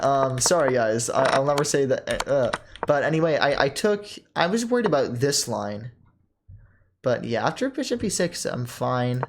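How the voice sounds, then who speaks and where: A young man talks through his own chess game at a middling pitch, thinking aloud in a loose, casual way. He stops often on "um", restarts half-finished phrases and lets out small laughs. Keyboard and mouse clicks come through clearly behind him. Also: animated, noisy background. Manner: halting, self-correcting, many ums and laughs.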